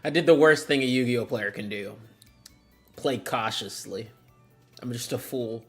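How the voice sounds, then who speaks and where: A streamer talking casually while playing, swearing freely and laughing at their own mistakes, lurching between loud outbursts and quiet muttering. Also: medium pitch, unhurried, soft background music.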